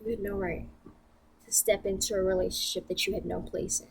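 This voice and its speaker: A woman's voice: mid-range voice, little pitch movement, brisk, creaky, breathy edge. A young woman venting to camera in a casual vlog, blunt and profane, rambling with lots of fillers. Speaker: vlogger.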